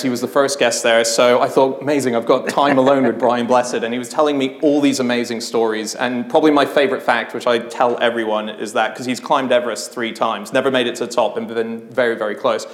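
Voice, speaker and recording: A man in a live podcast interview, telling anecdotes in an animated way and often breaking into laughter. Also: medium pitch, a little fast. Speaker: podcast guest. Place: live podcast stage in a theatre venue. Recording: roomy live venue with faint noise.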